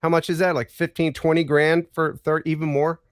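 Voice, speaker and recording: A man's voice: on the high side, little pitch movement, a little fast, smooth, dry recording, studio quality. A man guesting on a live stream, joking playfully in casual chat over a video call. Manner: jokey, playful, mock-Australian quips.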